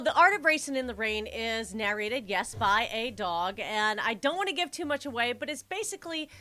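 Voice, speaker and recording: A woman co-hosting a casual chat show, talking emphatically and with animated energy. Her voice sits a little high and sounds bright. She leans hard into her points. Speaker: podcast co-host.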